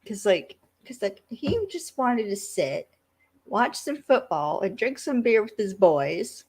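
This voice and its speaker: A woman co-hosting a podcast, casually recapping an episode with lively acted-out quotes and frequent laughs. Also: mid-range voice, slow pace, slightly rough. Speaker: podcast co-host.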